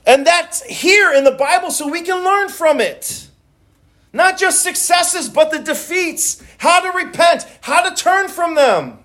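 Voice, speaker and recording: A man's voice: very high-pitched, animated, a little slow, sharp tone. A male pastor preaching a sermon in a conversational way, often restarting and repeating words as he goes.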